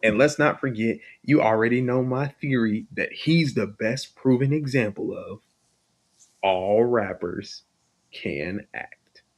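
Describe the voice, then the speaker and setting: A man hosting a podcast in casual chat, talking in an animated, emphatic, argumentative way. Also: mid-range voice, slow pace. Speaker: podcast host.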